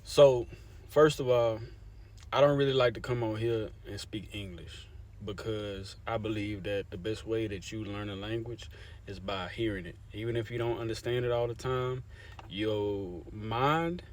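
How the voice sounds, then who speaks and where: A young adult man from Louisiana, a language advocate, talks casually to camera in a lowish, somewhat mellow voice over a faint hiss or hum. His delivery is conversational as he explains things, repeatedly checking in with viewers by saying "you see what I'm saying."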